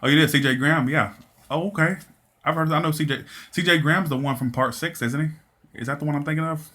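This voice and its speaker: A man's voice: on the high side, fast talker, pushed and bright. A man rambling through viewers' comments in a casual live chat, laughing often and restarting his sentences. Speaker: tarot reader answering viewer comments.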